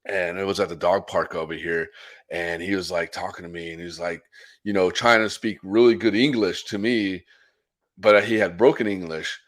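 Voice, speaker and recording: Low-voiced American man hosting casual chat. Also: moderate pace. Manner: animated, laughs often, restarts sentences. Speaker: podcast host.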